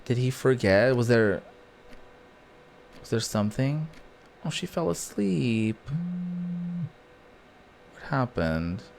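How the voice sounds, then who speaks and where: A man playing through a story game on stream, pitched right in the middle for a male voice. He reads the characters' messages aloud and reacts with soft sighs and rueful half-laughs. Faint noise hums behind him. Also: animated, slow pace, vocal fry, long pauses. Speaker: gaming streamer. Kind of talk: let's play commentary.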